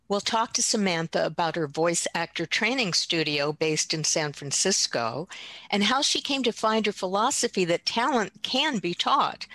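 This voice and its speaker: Low-pitched woman co-host, dry sound. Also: a bit bright, no room sound. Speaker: podcast co-host. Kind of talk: interviewing.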